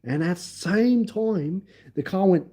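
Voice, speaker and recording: A man hosting a livestream, recounting events in a casual, animated way and acting out each scene. His voice sits a touch high but sounds very dark and mellow. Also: unhurried. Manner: animated, emphatic, acts out scenes. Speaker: livestream host. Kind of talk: casual storytelling.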